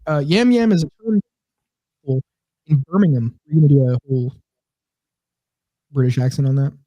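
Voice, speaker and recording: A man's voice: fairly high pitch, expressive, normal speed, mellow, no echo. A man co-hosting a casual comedy podcast, rambling and sarcastic as he reads comments aloud. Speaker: podcast co-host.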